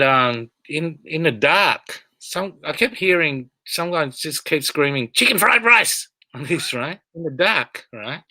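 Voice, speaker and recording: A man telling stories as a comedian guest on a video call, rambling and animated, shouting out quoted lines. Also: on the high side, no echo. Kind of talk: casual interview storytelling.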